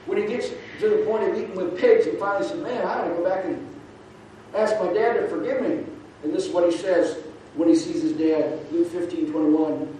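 Male pastor, fairly high voice, preaching with loud urging and soft asides, far from the mic in a very echoey hall. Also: steady tone, a little fast, slight background noise. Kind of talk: sermon. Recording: distant mic in an echoing hall.

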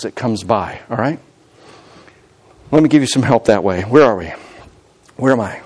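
Man, pastor, sermon, middle pitch, conversational preaching, restarts and self-corrections. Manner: climbs loud and high when quoting God's voice.

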